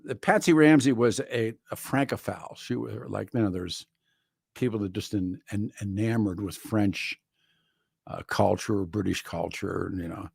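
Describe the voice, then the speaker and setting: A man's voice: on the low side, moderate pace, vocal fry, a little mellow, breathy edge, no echo. A man hosting a talk radio show in a studio, delivering a rambling, wry monologue full of restarts. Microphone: studio microphone.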